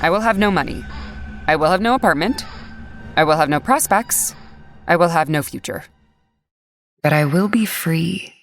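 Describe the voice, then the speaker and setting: A young woman reading a first-person story aloud, swinging between rage and quiet despair. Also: lowish voice, lively intonation, normal speed, long pauses. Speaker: narrator. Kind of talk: first-person scripted narration. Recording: faint music bed.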